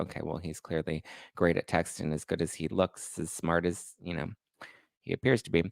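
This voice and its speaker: A man's voice: low-pitched, fairly even intonation, moderate pace, creaky, darkish tone, no room sound. A man hosting a reality TV gossip show, reading text messages aloud and adding sassy, sarcastic asides. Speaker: pop culture podcast host.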